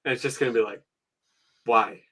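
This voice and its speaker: A man's voice: medium pitch, a little fast, bright, forceful tone. A man in his thirties chatting casually on a stream, rambling, wry and full of swearing. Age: 30s. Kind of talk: casual chat.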